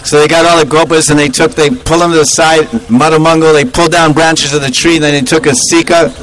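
Lively male storyteller, slightly high voice, chuckles, acts out his characters. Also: fast talker, a little hiss or hum, poor audio. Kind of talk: devotional storytelling talk.

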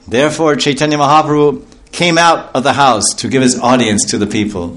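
A man telling a devotional story to an audience in a lively, animated way, laughing often and breaking into loud chanted calls. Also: mid-range voice, a little fast, hardly any pauses. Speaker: storytelling speaker at a devotional class.

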